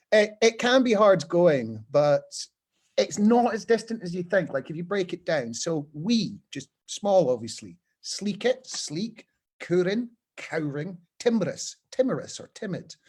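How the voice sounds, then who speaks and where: A man's voice: sits high, a little mellow. A man hosting a travel show, telling stories in a chatty, digressive way with lots of fillers. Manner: recites poetry with feeling. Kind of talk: casual storytelling talk.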